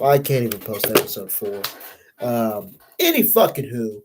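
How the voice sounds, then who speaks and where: A man's voice: mid-range voice, very animated, moderate pace, background noise. A young man hosting a casual sports podcast, venting in a frustrated, profane, rambling way. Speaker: podcast host.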